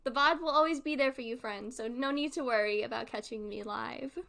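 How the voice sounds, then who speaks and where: A young woman chats on her live stream in a bright, slightly high voice. She rambles from topic to topic and breaks into giggles often. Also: brisk, creaky. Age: young adult. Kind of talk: casual live-stream chat.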